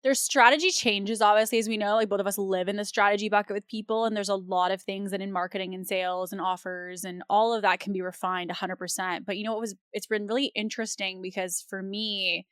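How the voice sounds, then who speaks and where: Woman, podcast host, casual rambling chat, mid pitch, dry close mic. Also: fast, hardly any pauses, smooth, dry recording. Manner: animated, rambling, frequent fillers. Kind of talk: casual conversational interview.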